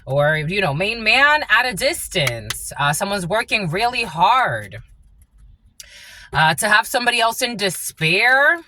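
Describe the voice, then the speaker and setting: A woman's voice: medium pitch, very animated, measured pace, bright, forceful tone, a little hiss or hum. A woman giving a tarot reading as a channeler, blunt and profane, laughing often.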